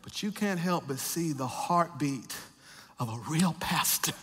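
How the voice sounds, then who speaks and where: High-voiced preacher in a reverberant hall. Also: male voice, animated, a little slow, breathy edge. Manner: builds to shouted, repeated refrains with rhythmic preaching cadence; drops to quiet, joking asides to the congregation. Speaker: pastor. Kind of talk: sermon. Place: large church sanctuary.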